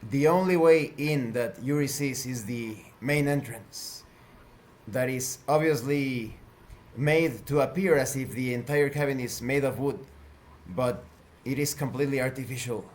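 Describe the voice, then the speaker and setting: Slow-paced male game master narrating. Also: medium pitch. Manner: measured, descriptive narration.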